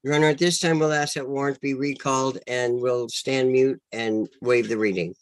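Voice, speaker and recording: A man's voice: medium pitch, fairly even intonation, moderate pace, no room sound, low-quality recording. A man working as a defense attorney who speaks to the judge briefly, formally and matter-of-factly. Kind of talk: courtroom exchange.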